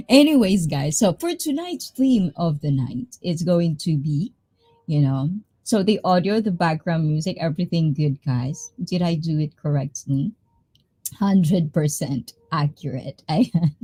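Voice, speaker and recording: A Filipino woman hosting a casual livestream chat, bubbly and quick to laugh between lines. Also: sits low, lively intonation, dark tone. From Philippines. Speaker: livestream host.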